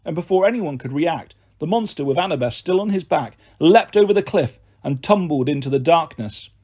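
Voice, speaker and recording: Male audiobook narrator, lively pitch, husky tone, slightly high. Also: moderate pace. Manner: expressive storytelling.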